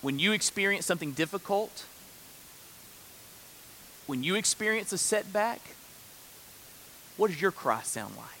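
High, bright-voiced earnest preacher. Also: male voice, animated, unhurried, long pauses, a little hiss or hum. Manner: earnest, climbs to loud emphatic peaks. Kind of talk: sermon.

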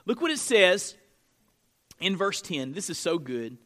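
With a high-pitched, very animated, pushed and bright voice at a measured pace, a man preaches to a live congregation gathered in a church room. The pastor speaks emphatically and conversationally, often asking "right?".

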